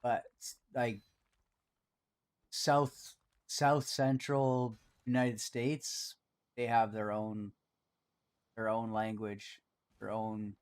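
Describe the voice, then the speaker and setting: A man's voice: lowish voice, flat delivery, extremely slow, long pauses, clean tone. A man streaming a game build live, chatting casually with his co-host and viewers and muttering to himself as he works.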